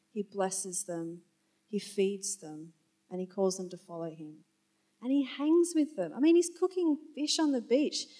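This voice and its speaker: A woman's voice: a little high, warm tone. A woman preaching a conversational sermon, chatty and informal, with wry asides and the odd moment of losing her place. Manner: loses her place and corrects herself aloud.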